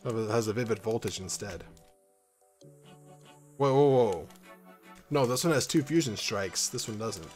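A man vlogging as he opens trading card packs at home. He rambles, swears freely and now and then breaks into loud, excited whoops. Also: lowish voice, measured pace, long pauses, faint music behind. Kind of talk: casual rambling vlog. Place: at home in an apartment.

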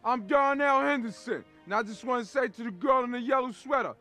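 A brash, high-voiced streetwise braggart. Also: male voice, moderate pace, husky, soft background music, heavily acted. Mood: showing off. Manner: boastful, crude, loud and animated. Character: brash streetwise man coaching his friend on women. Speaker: film character. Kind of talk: comedy film acting.

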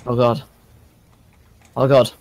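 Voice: medium pitch, flat delivery, slow pace, a little mellow, slight background noise. A gamer giving casual commentary on an online shooter, with muttered, grumbling asides.

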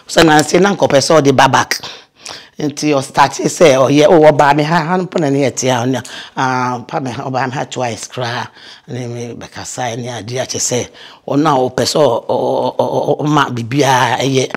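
Older actress, lively storyteller, chatty guest on an interview. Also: female voice, very deep voice, moderate pace. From Ghana. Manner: lively storyteller, mixes in English phrases. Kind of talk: casual interview, reminiscing.

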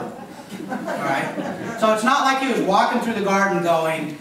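A man's voice: high-pitched, unhurried, a crowd in the background. Male pastor preaching in an echoey hall. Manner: animated, joking, conversational. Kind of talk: sermon. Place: church sanctuary. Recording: echoey church hall from a distance.

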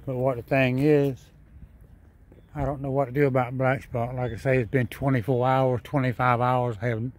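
A man's voice: medium pitch, flat delivery, darkish tone. Tired, sad man rambling outdoors. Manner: halting, repetitive, subdued. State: tired and sad after a sleepless night. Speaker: vlogger. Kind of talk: casual vlog monologue. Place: outdoors in his yard.

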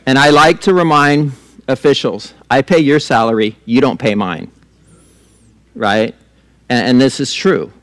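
A man's voice: medium pitch, measured pace, pauses often, a bit bright, no room sound. A middle-aged male pastor preaching a sermon in a conversational way, with laughing asides and repeated words as he restarts.

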